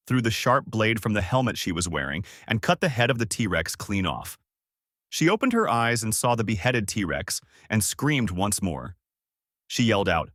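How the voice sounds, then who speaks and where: Lively male storyteller doing every part. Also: mid-range voice, dry recording, clean studio sound. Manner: animated, jumps between character voices. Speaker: narrator and voice of every character. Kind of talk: storytelling narration with character voices.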